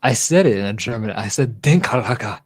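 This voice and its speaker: A man's voice: lowish voice, animated, a little fast. A man hosting a livestream in casual chat, tipsy, rambling and joking, laughing often. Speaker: livestream host.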